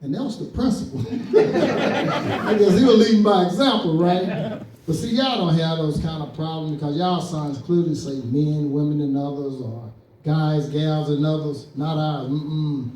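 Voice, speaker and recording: Recorded in an echoey club with the mic at a distance, a stand-up comedian from East Saint Louis, Illinois, has a fairly high, slightly mellow voice and an unhurried pace. He acts out quotes as he tells stories, and there is a little hiss or hum in the audio.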